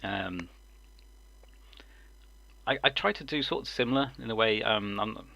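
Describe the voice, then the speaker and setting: Low-pitched and gravelly, this man's voice is pushed and bright, delivered unhurriedly with no room sound. He's in his forties, from Lincolnshire, with a mixed, slightly southern-sounding English accent, rambling on a live stream full of ums and chuckles.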